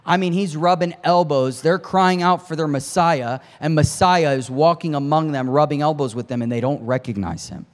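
Male preacher, storytelling sermon, builds to shouting peaks, casual asides to the crowd, long hall reverb. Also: on the high side, moderate pace, hardly any pauses. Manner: impassioned, climbs to near shouting at peaks; conversational asides to the congregation.

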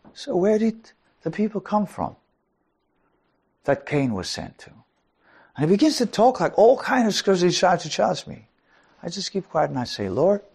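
A middle-aged man from South Africa preaching a sermon, dropping to hushed whispers and rising to loud emphatic declarations. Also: high-pitched, gravelly, breathy edge.

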